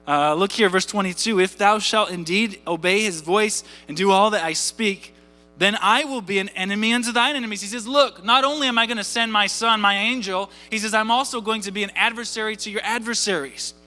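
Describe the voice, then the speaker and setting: Bright, high-voiced man preaching in a church. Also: fairly quick. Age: 30s. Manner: animated, conversational preaching with asides and rhetorical questions. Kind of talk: sermon. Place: church sanctuary. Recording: church hall reverb with faint music.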